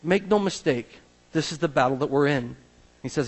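A male pastor preaching a sermon to a church, animated, acting out the Bible's voices. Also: a little high, brisk, slightly rough. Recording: long reverb of a large hall.

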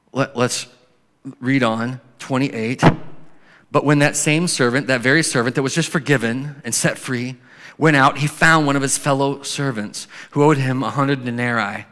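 A male pastor preaching a sermon in a conversational way, slowing and softening when he reads scripture. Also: medium pitch. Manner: conversational preaching, drops to soft slow scripture reading. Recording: long hall reverb.

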